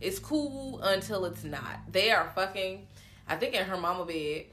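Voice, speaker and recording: Bright-voiced woman telling a story. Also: mid-range voice, measured pace. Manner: animated storytelling, profane slang, acts out quotes. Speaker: podcast co-host recapping a film. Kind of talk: casual chat.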